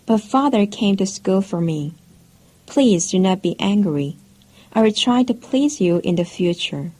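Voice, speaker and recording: A meek, gentle young girl speaking softly and politely, as a woman narrator reads her lines. The voice is mellow and dark, unhurried, in a storybook reading. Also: mid-range voice, lively intonation, slightly rough, poor audio. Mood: apologetic. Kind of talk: audiobook character voice.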